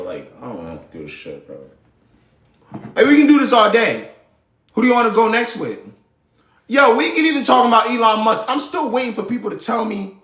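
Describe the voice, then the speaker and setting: A high-voiced man rants on his live show, his pitch swinging widely as he gets heated. His talk is slangy and profane, and it carries a roomy echo around it. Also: slight background noise. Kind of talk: casual political rant.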